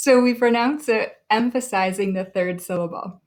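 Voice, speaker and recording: A woman teacher records a lesson for her students. She talks clearly and deliberately, slowing down to sound out names syllable by syllable. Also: medium pitch.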